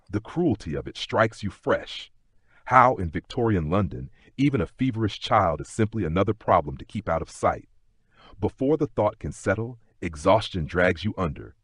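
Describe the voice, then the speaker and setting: Male sleep-story narrator, deep and husky, dry booth sound. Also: lively intonation, no room sound. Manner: slow, gentle, second-person telling.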